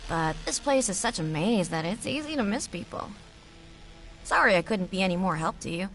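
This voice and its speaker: A courteous settler from a video game. Her voice sits at a mid pitch, and she speaks in a plain, polite and slightly apologetic way. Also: animated, moderate pace, a bit bright, faint music behind, rough recording. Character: helpful adult female settler, polite and apologetic.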